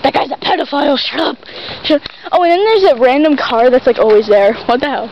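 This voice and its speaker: A woman's voice: sits high, lively intonation, fast. A young woman chatting casually while walking outdoors, giggly, crude and joking, talking into a handheld camera. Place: street outdoors. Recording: dull lo-fi camera audio with street noise.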